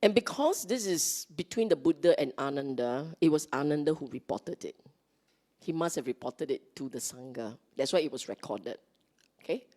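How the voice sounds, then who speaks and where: A Dhamma teacher with a Singaporean English accent gives a chatty Dharma talk to a congregation in a meeting hall. Her low, mellow voice is animated at a moderate pace, and she often checks in with "okay?" while acting out the lines she quotes.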